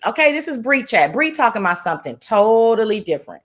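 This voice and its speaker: A woman's voice: on the high side, very animated, quick pace. A woman guest recounting online drama in casual chat, blunt and profane, openly irritated. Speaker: guest and live-chat moderator.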